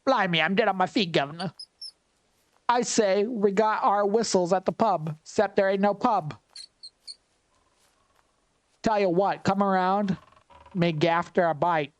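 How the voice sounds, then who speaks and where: Male performer as a tired English animal villager, chummy and slangy, game voice, mid-high register. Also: measured pace, pauses often.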